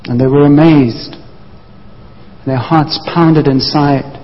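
Speaking slowly in a fairly high, steady voice, a man preaches a sermon as vivid storytelling, briefly voicing the disciples as he goes. The sound is dull, with long reverb from the hall.

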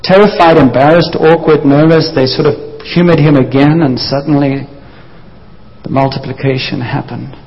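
A man's voice: fairly high pitch, fairly even intonation, moderate pace. A man preaching a sermon, telling the story vividly and briefly acting out the voices of the people in it. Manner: storytelling, acts out voices of disciples. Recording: dull sound, long hall reverb.

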